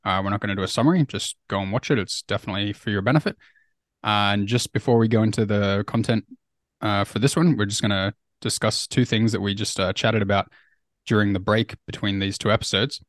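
Sex: man. Role: podcast co-host. Pitch: somewhat low. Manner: loose and chatty with "uh" and "like" fillers. Sound: dry, close mic. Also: a little fast, dry recording. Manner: casual, with "uh" and "like" fillers and light laughs. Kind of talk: casual podcast conversation.

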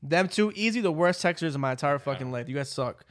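Male podcast host, a touch higher pitch, blunt teaser. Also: expressive, fast talker. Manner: teasing, blunt, laughs often. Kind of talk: casual podcast chat.

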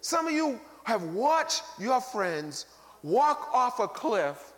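Bishop guy preaching, acts out folks he quotes, loud then real quiet, echoey big church. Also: very high voice, big pitch swings, takes it slowly. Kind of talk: sermon. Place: large church sanctuary. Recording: long reverb of a large hall.

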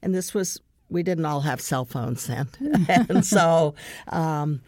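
A middle-aged woman with a somewhat low voice hosts the conversation, earnestly recounting a family story. She laughs here and there as she tells it. The recording is dry and close, with no room sound. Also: expressive, slow, warm tone, no echo. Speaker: podcast host.

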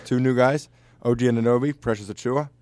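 A man trading wry, deadpan remarks on a sports podcast. His voice has an ordinary middle pitch. The close mic leaves the sound dry, with no room around it. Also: quick pace, no echo. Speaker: podcast co-host. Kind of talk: casual sports podcast banter.

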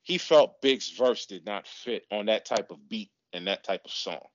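A man's voice: lowish voice, normal speed, dry recording, highs cut off. A man co-hosting a casual podcast chat, arguing in a heated way and repeating himself. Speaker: podcast co-host.

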